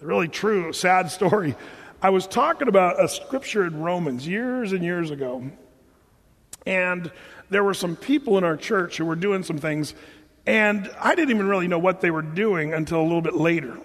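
A man's voice: high voice, lively intonation, normal speed. A man preaching as pastor, telling stories and joking with asides to his congregation. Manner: conversational and joking, with lots of asides. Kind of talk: sermon. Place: church sanctuary. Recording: long hall reverb in a church.

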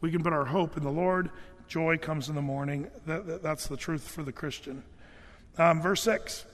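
High-voiced man preaching in a reverberant hall. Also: fairly even intonation, moderate pace. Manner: conversational, earnest, with many fillers and restarts. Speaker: pastor. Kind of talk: sermon.

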